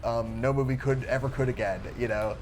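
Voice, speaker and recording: A man's voice: mid-range voice, steady tone, brisk, slight background noise. A man with a mid-range voice co-hosting a podcast in casual conversation. He muses anxiously and reflectively, with swearing and little laughs between thoughts, over a faint layer of room ambience. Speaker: podcast co-host. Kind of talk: casual movie chat.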